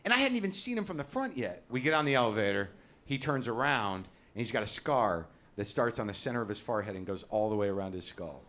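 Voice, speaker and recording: This middle-aged stand-up comedian has a fairly low, sing-song voice and talks fast. On a comedy club stage he rants, runs himself down, curses freely and yells his punchlines, while the live audience laughs loudly.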